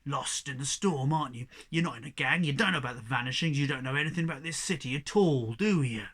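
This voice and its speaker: A man voicing a tough young female street cat who talks gruffly and bluntly, with a gravelly voice. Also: mid-range voice, quick pace, a bit bright. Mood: probing. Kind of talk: audiobook character reading.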